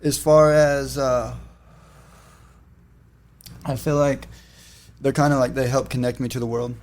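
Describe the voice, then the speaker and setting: A man's voice: mid-range voice, measured pace. Laid-back male podcast guest. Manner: relaxed, laid-back storytelling with fillers. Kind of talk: casual chat.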